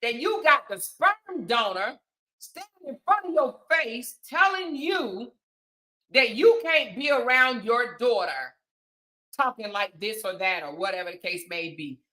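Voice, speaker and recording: Bright, sassy woman commentator. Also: a little high, measured pace, low-quality recording. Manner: animated, sassy, emphatic. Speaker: commentary host. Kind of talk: reaction commentary.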